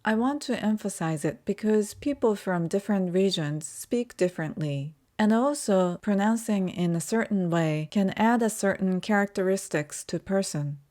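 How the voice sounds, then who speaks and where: A language teacher whose first language is Japanese gives a pronunciation lesson, speaking slowly and carefully as she demonstrates sounds. Her voice is medium-pitched and warm.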